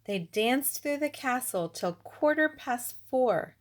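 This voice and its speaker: A woman reading a rhyming children's storybook aloud with an expressive, rhythmic delivery. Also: high voice, slow. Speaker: reader.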